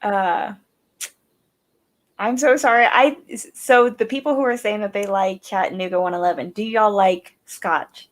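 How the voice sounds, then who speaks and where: A woman hosting a live stream, chatty and quick to giggle. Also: mid-range voice, fairly even intonation. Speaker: host. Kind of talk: casual chat on a live stream.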